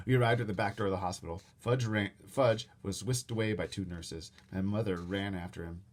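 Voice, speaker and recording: A man reading a children's chapter book aloud in an animated way, adding his own asides. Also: low-pitched, a little fast. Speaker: storybook reader.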